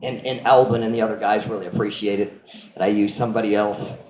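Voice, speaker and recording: A man's voice: on the low side, steady tone, fast talker, a little mellow, slight background noise. A man preaching a sermon as pastor, switching between English and Cebuano and acting out scenes with members of the congregation. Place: church. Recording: echoey church room with faint ambience.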